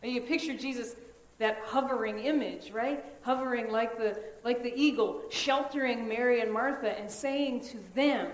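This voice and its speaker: High-voiced woman preaching in an echoey sanctuary. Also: fairly even intonation. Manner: earnest, conversational preaching with dramatic pauses. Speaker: pastor. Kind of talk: sermon. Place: church sanctuary.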